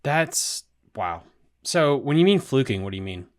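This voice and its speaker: A man's voice: mid-range voice, big pitch swings, moderate pace. A man hosting a podcast, asking enthusiastic follow-up questions in a casual chat. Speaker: podcast host.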